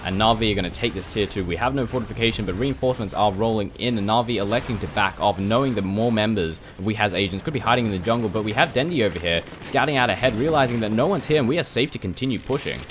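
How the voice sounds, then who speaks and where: Man, esports caster, fast, low voice, clear background music. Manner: rapid, chatty, swears casually. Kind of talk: play-by-play game commentary. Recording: music playing behind.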